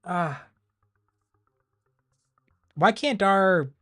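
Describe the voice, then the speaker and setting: A man chatting casually on a livestream, rambling and animated, often laughing. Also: high-pitched, very slow, no echo, clean studio sound. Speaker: streamer.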